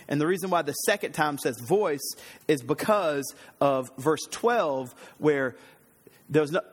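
A man preaching an earnest, conversational sermon, slightly hoarse, often restarting his sentences. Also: on the high side, lively intonation, a little slow, big-room sound. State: slightly hoarse, throat trouble.

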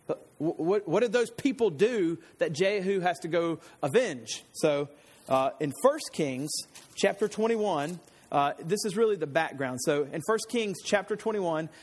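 High-voiced man preaching casually. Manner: chatty storyteller, retells scripture in everyday slang. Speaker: pastor. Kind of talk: casual Bible teaching sermon.

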